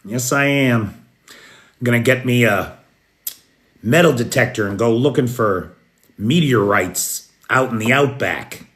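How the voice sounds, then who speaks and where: American guy doing a late night live news stream, slow easygoing delivery, calls out viewers by name. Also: mid-range voice, fairly bright tone. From United States. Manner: unhurried, greets viewers by name. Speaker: news host. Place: apartment in a city at night.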